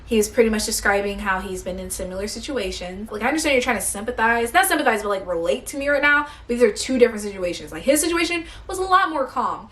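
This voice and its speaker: A young woman vlogger telling a workplace story in a blunt, animated rant, swearing often and sounding tired and hungry. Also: on the high side, fast, few pauses.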